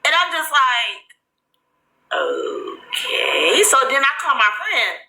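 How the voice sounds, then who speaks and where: Very bright, profane woman telling a story. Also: wildly swooping pitch, slow pace, echoey room, rough recording. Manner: profane, acts out quotes with big pitch swings. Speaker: storyteller in a played clip. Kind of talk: animated storytelling.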